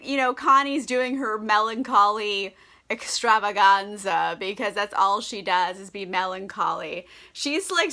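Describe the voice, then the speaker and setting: A woman's voice: on the high side, bright, forceful tone. Tipsy, giggly, foul-mouthed woman. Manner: brash, profane, giggly, incredulous. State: tipsy from wine. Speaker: book vlogger. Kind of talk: casual book recap vlog.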